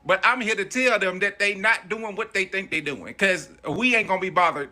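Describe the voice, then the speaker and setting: Bright-voiced, high-pitched man ranting. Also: brisk. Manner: brash and joking. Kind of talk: casual comic rant.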